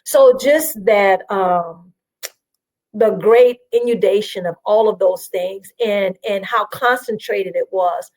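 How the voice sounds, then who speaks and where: A woman from South Carolina, a guest on an interview show, telling her story in an animated, chatty way with frequent fillers. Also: medium pitch, takes it slowly, low-quality recording.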